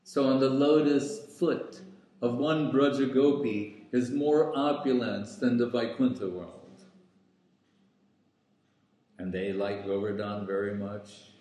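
Slow, echoey spiritual lecturer, man. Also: mid-range voice, steady tone, dark tone. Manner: slow and deliberate, pausing with fillers. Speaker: spiritual teacher. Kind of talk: scriptural lecture. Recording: very echoey room.

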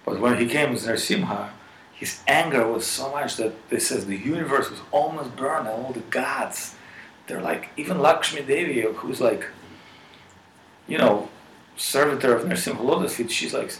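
A man's voice: mid-range voice, normal speed, a bit bright, distant mic. A man giving a devotional talk, animatedly retelling a scripture story with many fillers. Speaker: spiritual speaker. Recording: roomy with faint noise.

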